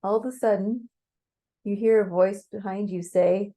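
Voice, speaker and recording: A woman narrating a guided meditation in a slow, calm, measured way. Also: mid-range voice.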